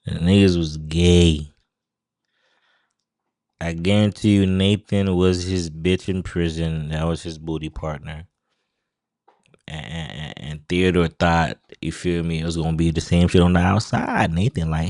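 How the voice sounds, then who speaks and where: A man hosting a reaction video, talking loudly and excitedly in slang and swearing freely. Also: low voice, unhurried. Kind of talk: reaction commentary.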